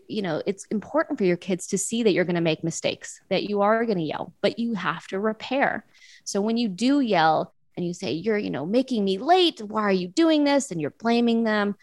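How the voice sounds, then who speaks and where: A woman's voice: medium pitch, dry recording. A woman, probably in her thirties, giving casual, earnest parenting advice in an interview, with frequent fillers and restarts. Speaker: parenting guest.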